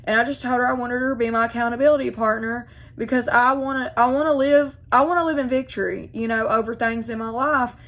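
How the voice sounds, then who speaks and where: Woman, faith vlogger; earnest personal testimony, a little high-pitched, talks straight to her viewers. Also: steady tone, fast, few pauses, a bit bright. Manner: earnest, heartfelt, repeats phrases, addresses viewers directly.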